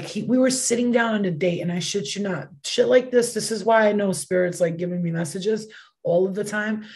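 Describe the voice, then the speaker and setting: A young woman doing a casual tarot reading, excitable and swearing freely, with bursts of exclamations. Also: fairly low pitch. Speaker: tarot reader.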